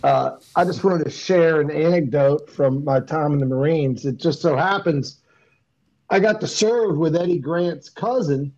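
A man calls in over his phone, his voice sitting a bit high and coming through dull and lo-fi. He rambles through a story, full of ums and false starts, in loose casual chat. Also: measured pace, a little mellow. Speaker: caller.

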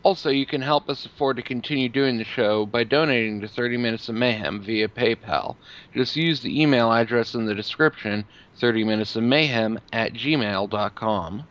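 A man co-hosting a podcast, reading plugs and throwing in deadpan jokes. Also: medium pitch, moderate pace. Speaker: podcast co-host. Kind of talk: casual podcast banter. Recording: dull lo-fi mic.

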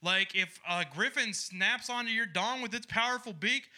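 A young man from Ohio doing a stand-up comedy set, crude and sardonic, launching into loud ranting bits. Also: high voice, normal speed.

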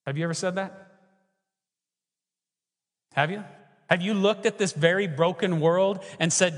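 This pastor has a high voice and preaches emphatically at a normal pace, throwing rhetorical questions at the congregation. His sermon echoes with the long reverb of a large hall.

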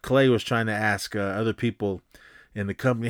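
Smooth-voiced guy in casual chat. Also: fairly even intonation, no room sound, studio quality. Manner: loose and chatty, with many fillers and restarts; jumps into higher, faster voices when quoting characters. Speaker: podcast host recapping a film. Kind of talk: casual rambling recap.

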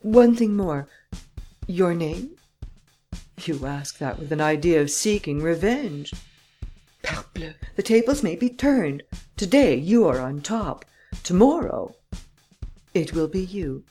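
A woman reading the part of a desperate, greedy man who pleads and stammers in high outbursts. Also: big pitch swings, takes it slowly, long pauses, warm tone, soft background music. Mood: bitter. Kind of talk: audiobook character reading.

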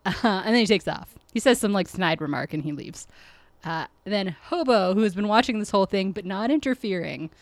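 A woman talks casually on a podcast, summing up an episode and breaking into laughs often. Her voice sits at an ordinary pitch and sounds dry, with little room around it. She plays out little quotes as she goes. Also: expressive, fairly quick, no room sound. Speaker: podcast co-host. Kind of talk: casual chat recapping an episode.

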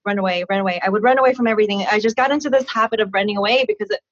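Speaking rapid-fire in a husky, medium-pitched voice, this interview guest in her thirties recounts her personal story with candor and energy. She laughs a lot and plays out the conversations she describes. The lo-fi recording is dull and dry, with no echo.

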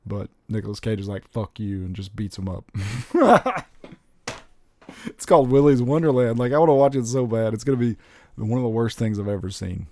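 A man in casual chat, rambling and excitable, swearing freely as he talks about movies. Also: medium pitch, brisk. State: recently recovered from covid.

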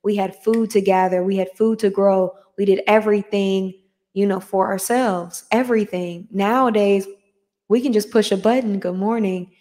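A woman's voice: medium pitch, steady tone, moderate pace, dark tone. A woman hosting her own podcast, giving an earnest, repetitive motivational talk and greeting live viewers as she goes. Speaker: podcast host.

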